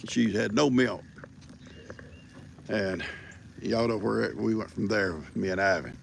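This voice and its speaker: Gravelly older man. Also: fairly low pitch, slow pace, slight background noise. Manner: folksy, teasing, chatty. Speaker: livestream host. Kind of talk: casual rambling storytelling.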